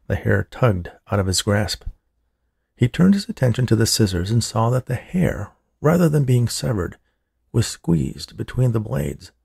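A man reading a horror story aloud as narrator, steady and measured, with a husky, creaky voice. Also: fairly low pitch, no echo, studio quality. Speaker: audiobook narrator.

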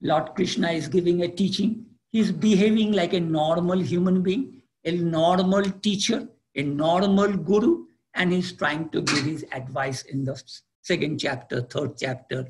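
A man with an Indian accent giving a spiritual lecture, deliberate and repeating key words for emphasis. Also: high-pitched, darkish tone, slight background noise. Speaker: spiritual teacher.

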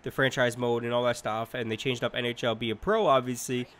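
A young man talks through his gameplay in a loose, chatty way, often circling back to repeat the same point. His voice sits at an ordinary middle pitch, and he fills the gaps with "uh" and "like.". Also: level tone, a little fast, a bit bright. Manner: rambling, repeats himself, frequent fillers. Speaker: gaming commentator. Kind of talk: casual let's-play commentary.

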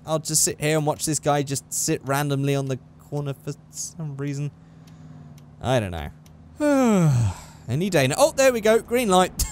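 A man's voice: a little high, darkish tone, a little hiss or hum. A young man giving sarcastic, exasperated running commentary while playing a driving game. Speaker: gaming channel host. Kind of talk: let's play commentary.

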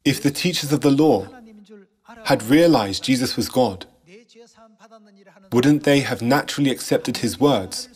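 A man reading a scripted sermon narration in a measured, solemn way, posing rhetorical questions. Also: mid-range voice, a little mellow, breathy edge. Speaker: church narrator.

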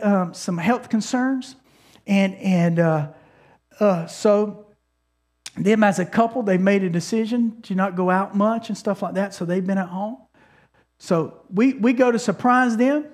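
High-voiced man preaching a story-led sermon. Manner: conversational storytelling with frequent restarts; calls for congregation responses. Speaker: pastor.

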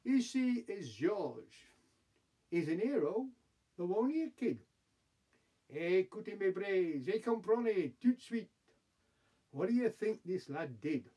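A man's voice: high voice, very animated, takes it slowly, darkish tone, husky, full character voice. A man doing a pompous emperor. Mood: grandiose. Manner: grand, declaiming, French phrases. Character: pompous French emperor, middle-aged man.

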